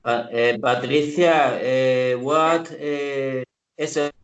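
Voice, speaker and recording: A man's voice: medium pitch, fairly even intonation, slow pace. A man with a Spanish accent speaking as a student on a video call, hesitant with many fillers, his audio muffled.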